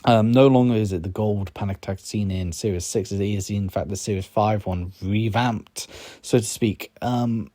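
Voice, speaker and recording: A man giving casual, rambling commentary as he ranks robots, often pausing with ums and restarting sentences, a little sleepy. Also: lowish voice, mellow, no echo, studio quality. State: sleepy, yawning. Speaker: YouTube host ranking robots. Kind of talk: casual tier-list commentary.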